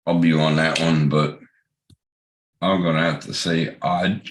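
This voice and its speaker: A man chatting casually on a live stream call, gruff and teasing, swearing often, with the hiccups. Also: a bass voice, level tone, measured pace, roomy sound. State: has the hiccups. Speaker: regular guest on the stream.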